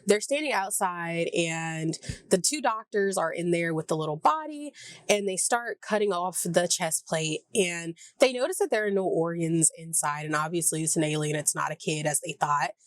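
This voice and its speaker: A woman's voice: fairly low pitch, moderate pace, no echo. A woman with a Southern US accent casually recapping a TV episode, rambling and chatty with lots of "like". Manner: rambling, chatty, heavy use of "like", acts out characters' lines. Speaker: TV review vlogger.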